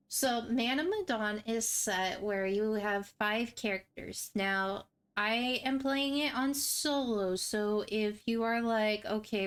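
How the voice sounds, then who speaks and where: Slow, smooth-voiced woman streamer. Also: medium pitch, fairly bright tone. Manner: rambling, chatty, self-deprecating. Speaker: gaming walkthrough host. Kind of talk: casual game walkthrough intro.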